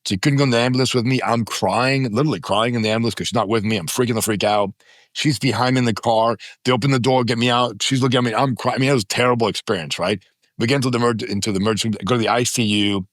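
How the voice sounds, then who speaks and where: A man's voice: medium pitch, fairly even intonation, racing, no room sound, studio quality. A man in his fifties, a podcast guest, telling stories emphatically and acting out the people in them. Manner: emphatic, dramatizes stories with quoted voices. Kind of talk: animated storytelling in conversation. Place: podcast studio.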